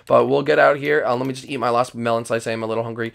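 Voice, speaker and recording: A man hosting and playing the lead in a game role-play, excitable and yelpy. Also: mid-range voice, rapid-fire, gravelly. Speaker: role-play host and narrator.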